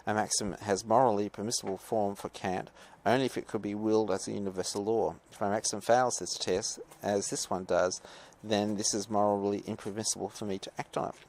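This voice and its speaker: A male teacher reading aloud and commenting for a podcast lecture. His voice is low and gravelly with a creaky edge. He wanders into asides and fills his pauses with ums and uhs. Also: level tone, a little mellow. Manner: rambling, hesitant, many fillers and asides.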